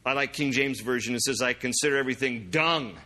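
A male pastor delivers a sermon in a bright, forceful voice of ordinary pitch. He leans hard on key words and slows right down when he reads scripture aloud. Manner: emphatic, slowing down to read scripture aloud.

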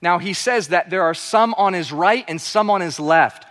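Guy preaching a sermon, kinda high voice, pushes hard then goes quiet, big echoey hall. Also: normal speed. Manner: emphatic preaching, drops to soft asides. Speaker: pastor.

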